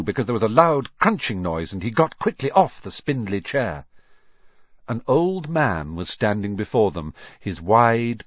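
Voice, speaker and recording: A man narrating a story aloud as an audiobook, with expressive, animated storytelling. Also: lowish voice, slightly rough, dry recording, muffled recording.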